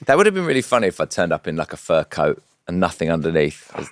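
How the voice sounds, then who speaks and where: A man being interviewed as a guest, talking in a relaxed, candid way with stammering restarts. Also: low-pitched, fast, dry recording, clean studio sound. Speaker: guest, show producer. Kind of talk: casual interview chat.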